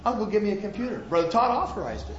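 A preacher doing a whiny young worker. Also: male voice, high voice, very animated, racing, echoey room, pitched above the performer's own voice. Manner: pleading, excuse-making. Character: young male worker, whiny and self-serving. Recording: dull lo-fi sermon recording.

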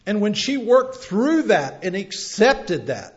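Male preacher, middle-aged, slow and deliberate delivery, loud emphatic peaks and quiet lows. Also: sing-song. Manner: swings from loud emphatic cries to soft quiet words. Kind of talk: sermon. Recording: dull lo-fi sermon recording.

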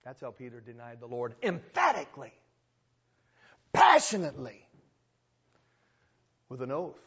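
A man's voice: mid-range voice, huge pitch swings, a little slow, fairly bright tone, slightly rough, highs cut off. A male pastor preaching a sermon in an emphatic style, repeating phrases for weight.

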